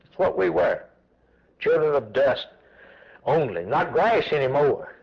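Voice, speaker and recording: A man preaching a sermon in a lively, swooping voice that sits a little high. He drives his points home with repeated phrases and answers his own questions. The sound is dull and lo-fi, like an old radio broadcast. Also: unhurried, creaky. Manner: emphatic, repetitive preaching cadence.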